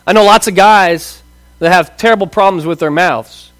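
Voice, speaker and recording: Thirtysomething pastor guy, kinda high voice, dry close sound, chatty sermon w/ lots of "right?". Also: moderate pace, fairly bright tone, no room sound. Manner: casual, asks rhetorical questions, acts out quoted voices. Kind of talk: conversational sermon.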